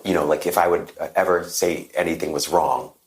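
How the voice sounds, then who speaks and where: A man talking as a guest coach on a podcast, lively and quick with short agreeing interjections. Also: deep voice. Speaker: guest, happiness and positive psychology coach.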